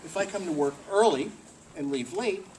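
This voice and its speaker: A man gives a workplace presentation in a meeting room, lively and joking, tossing questions to the audience. His voice sits a touch high for a man and comes from a distant mic. A faint hiss runs under it. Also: normal speed.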